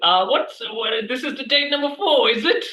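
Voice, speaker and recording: A man plays a playful suitor in an improv scene. His voice is high and sharp, heard from away from the mic in an echoey room. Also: lively intonation, moderate pace. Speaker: improv performer. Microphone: video call. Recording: echoey, distant mic on a video call.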